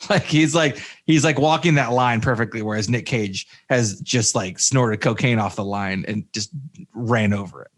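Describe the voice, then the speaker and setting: A man's voice: mid-range voice, measured pace. A man co-hosting a casual movie review podcast, rambling with many fillers and restarts, with jokey asides. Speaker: podcast co-host.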